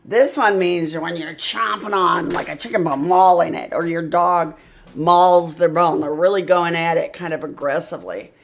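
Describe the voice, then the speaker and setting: A woman tutoring a child in phonics, sounding out words slowly and patiently. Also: fairly low pitch, a little hiss or hum. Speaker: reading tutor. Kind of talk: phonics lesson.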